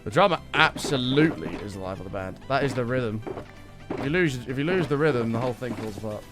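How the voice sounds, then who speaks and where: A young man chatting with his stream audience in an excitable, casual way, his voice worn and strained. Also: mid-range voice, fast talker, music in the background. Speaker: livestreamer.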